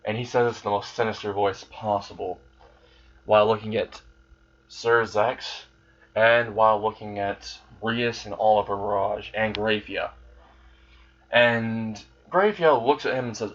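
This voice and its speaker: A man's voice: lowish voice, steady tone, moderate pace, fairly bright tone, muffled recording. A man casually retelling a fan-made story, rambling and swearing freely as he goes.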